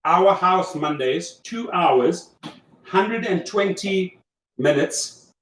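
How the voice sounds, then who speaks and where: A man's voice: sits high, expressive, very slow, a bit bright. A man with a South African accent hosting a casual livestream, coaching listeners in an emphatic, repetitive way. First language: German. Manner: coaching, emphatic, repeats himself. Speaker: livestream host. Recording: echoey room, far from mic, faint noise.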